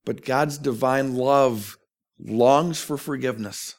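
A man's voice: medium pitch, slow. A man preaching a sermon as a pastor, earnest and emphatic, asking questions of his listeners.

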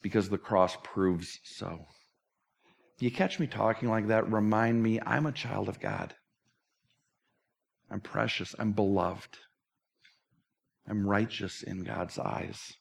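A man preaching a sermon as pastor, earnest and candid, moving from animated talk to a hushed closing prayer. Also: on the low side, slow, gravelly, pauses often.

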